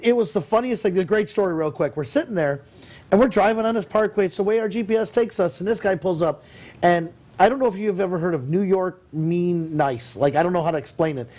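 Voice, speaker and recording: A man with a fairly high voice hosts a relaxed talk show. He tells stories with energy and acts out the people he quotes. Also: brisk. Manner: animated storyteller, acts out quotes. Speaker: host. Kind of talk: casual chat.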